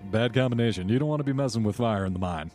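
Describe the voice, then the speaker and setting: A man narrating as game master of a tabletop game, describing scenes in a relaxed, descriptive way. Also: medium pitch, racing, faint music behind. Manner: descriptive, relaxed, with small restarts.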